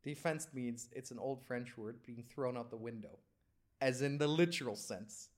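A woman's voice: very deep voice, moderate pace. A woman hosting a casual chat, asking questions in a teasing, blunt manner. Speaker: host.

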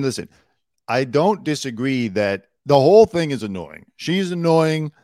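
A man's voice: mid-range voice, expressive, a little slow, darkish tone, dry recording. A man hosting a casual celebrity news show, talking bluntly and sarcastically and swearing now and then.

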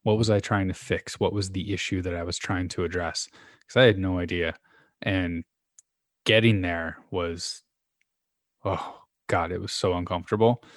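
Deep-voiced candid man. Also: steady tone, normal speed, dry recording, clean studio sound. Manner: candid, storytelling. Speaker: podcast co-host. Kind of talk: casual conversation.

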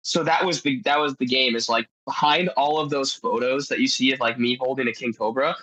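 A man's voice: medium pitch, brisk, breathy edge, dry recording, low-quality recording. A man guest on a podcast telling adventure stories in a casual, rambling way, full of "like" fillers. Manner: rambling, heavy use of "like" fillers; animated storyteller.

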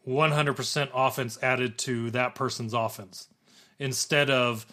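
A man's voice: medium pitch, steady tone, unhurried, pushed and bright. A man co-hosting a gaming podcast, chatting and explaining game mechanics with frequent restarts. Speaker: podcast co-host. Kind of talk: casual gaming podcast chat.

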